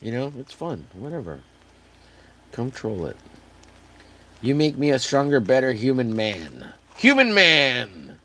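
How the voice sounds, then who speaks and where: A man from Texas with a hoarse, wearing-out voice, chatting casually and jokingly to his live stream audience while riffing on catchphrases. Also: mid-range voice, big pitch swings, unhurried, long pauses, a little mellow, slight background noise. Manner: joking, rambling, riffs on catchphrases.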